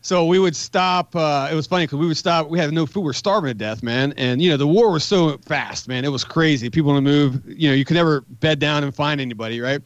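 A man's voice: fairly high pitch, fast, hardly any pauses, dry recording, lo-fi sound. A man in his forties, a podcast guest, telling a rambling, profane war story in casual talk. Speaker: podcast guest, magazine editor.

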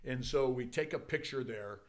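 A long, casual anecdote comes from an older man being interviewed as a guest in a studio. At normal speed and medium pitch, he stays animated throughout, swearing freely and frequently bursting into laughter.

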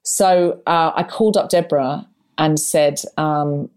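A middle-aged woman telling a personal story in casual chat, acting out voices with big jumps in pitch. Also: a little slow. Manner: animated, acts out her own and others' lines with big rises in pitch.

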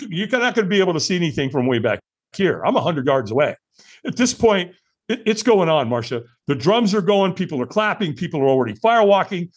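Animated older male storyteller, husky voice. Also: on the high side, fast. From California. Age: 60s. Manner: animated storyteller acting out dialogue. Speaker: guest. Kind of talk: storytelling in a podcast interview.

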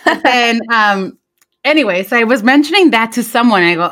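A woman's voice: medium pitch, lively intonation, brisk. A woman co-hosting a podcast in casual chat, a native Spanish speaker who laughs often while telling stories. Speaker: podcast co-host.

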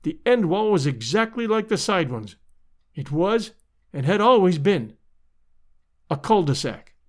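Expressive man narrating a storybook. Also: sits high, unhurried. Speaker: audiobook narrator.

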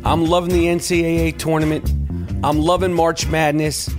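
A man's voice: fairly high pitch, level tone, moderate pace, over music. Profane, rambling podcast host, man. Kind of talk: casual podcast chat and host-read ad.

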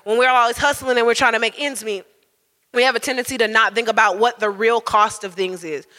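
A man tells a comic story live, animated and constantly checking in with "right?". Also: very high voice, a little fast, long reverb tail. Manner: animated, keeps asking "right?".

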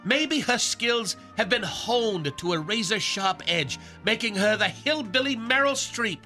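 A man's voice: sits high, lively intonation, a little slow, bright, forceful tone. A male radio host delivering a mock-dramatic, snarky roast, chuckling through his lines. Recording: music bed behind.

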